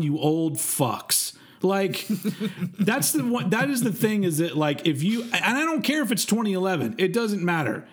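A man co-hosting a music podcast, ranting in an animated, exasperated way about songs he dislikes. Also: high voice. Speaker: podcast co-host. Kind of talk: casual music review chat.

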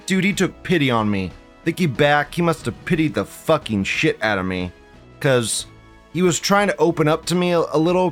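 A man hosting a live show, ranting in a casual, profane, rambling way and repeating himself. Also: on the high side. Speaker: livestream show host.

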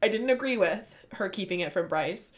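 A woman hosting a casual book podcast, her voice sitting in a middle pitch. She retells scenes with animated excitement and swears freely, the way you would when chatting with a friend. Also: normal speed. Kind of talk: casual chat.

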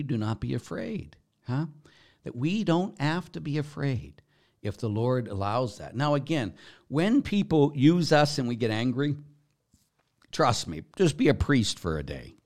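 A man, a Catholic priest hosting a podcast, talks bluntly and with passion, moving from loud emphatic lines to near-whispers. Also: mid-range voice. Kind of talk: podcast monologue answering questions.

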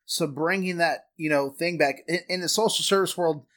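A man's voice: a little high, moderate pace, a bit bright. A man hosting an interview podcast, chatty and enthusiastic as he talks with his guest. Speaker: podcast host, trainer. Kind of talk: casual interview chat.

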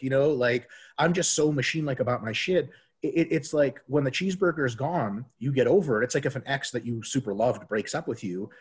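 A man's voice: mid-range voice, quick pace, husky. A man talking casually as a diet coach, swearing freely and acting out quoted voices as he tells stories. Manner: profane, animated storytelling with quoted voices. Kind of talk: casual podcast talk.

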